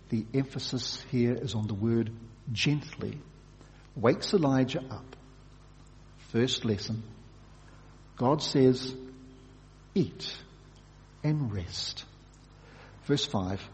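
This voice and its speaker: A male pastor delivers a sermon with a lively, animated pitch that rises for emphasis and drops almost to a hush. His voice rings out with a long reverb from a large hall. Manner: expressive, shifts from loud emphasis to hushed.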